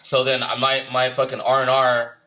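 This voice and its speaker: A man's voice: mid-range voice, monotone, moderate pace, pushed and bright. A middle-aged man, a former Marine, telling a rambling, profane war story in casual talk. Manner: profane, rambling, repeats himself. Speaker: former Marine recounting deployment.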